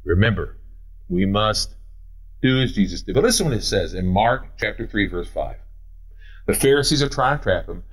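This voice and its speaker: A male pastor preaching a sermon. He reads scripture slowly and then explains it in plain, everyday talk. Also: fairly low pitch, lively intonation. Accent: Midwestern American.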